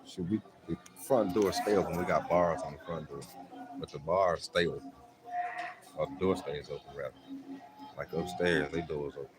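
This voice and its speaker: Low-voiced middle-aged guy rambling to his stream chat, real easygoing, loud music going in the back. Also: normal speed, low-quality recording. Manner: laid-back, rambling, peppered with "man". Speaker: livestream host. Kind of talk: casual livestream chat. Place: at home in a hot city neighborhood.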